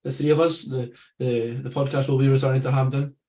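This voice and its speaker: Fast-talking Scottish man, echoey room. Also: medium pitch, level tone, warm tone. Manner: quick running match commentary mixed with chat. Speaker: podcast co-host. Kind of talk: live football watchalong commentary.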